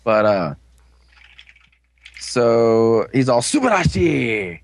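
A podcast co-host recaps an episode in casual chat, his medium-pitched voice moving at a moderate pace. He rambles in an amused way, using plenty of fillers.

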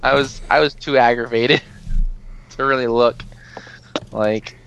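A man telling a story in casual chat, animated and exasperated, swearing freely and laughing often as he talks. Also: medium pitch, slow pace, gravelly, slight background noise, rough recording. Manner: laughs often while talking. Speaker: podcast co-host telling a story.

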